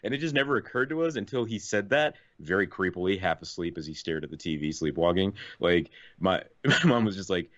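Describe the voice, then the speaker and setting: A man's voice: low-pitched, lively intonation, fairly quick, hardly any pauses, a bit bright, dry recording, highs cut off. A man co-hosting a podcast, casually telling a long story and laughing often. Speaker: podcast co-host. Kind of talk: casual chat.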